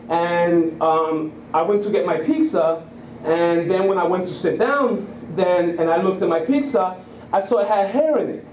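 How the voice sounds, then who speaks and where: Man doing an indignant eight-year-old boy, halting, low-key; echoey room. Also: a little mellow, a little hiss or hum. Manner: hesitant, full of "um" and "like".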